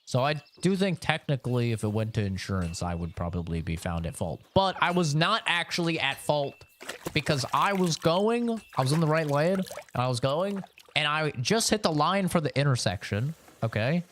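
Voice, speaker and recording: A man's voice: a little high, very animated, normal speed, a bit bright, a little hiss or hum. A man streaming a game, telling casual stories with loose swearing and laughter. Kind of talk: casual chat while gaming.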